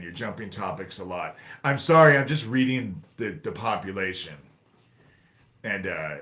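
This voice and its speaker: A man's voice: low-pitched, fairly bright tone. Angry swearing man ranting on a livestream. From United States. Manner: angry, profane, jumps between topics and reads chat aloud. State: agitated. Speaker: livestream host.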